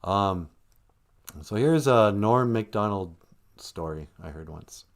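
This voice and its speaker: A man's voice: lowish voice, expressive, slow, creaky. A man hosting a live stream, telling a wandering comedic monologue and laughing at his own jokes.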